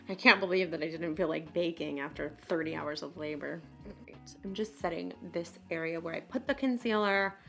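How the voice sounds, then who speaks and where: A woman's voice: fairly low pitch, vocal fry, a bit bright. A woman in her late twenties chatting casually through a makeup tutorial, bubbly and full of self-deprecating asides. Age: late 20s. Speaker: beauty vlogger.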